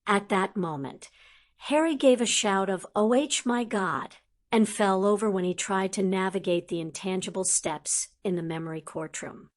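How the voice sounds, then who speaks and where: A woman narrating an audiobook in a steady, unhurried storytelling manner. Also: mid-range voice. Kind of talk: scripted narration.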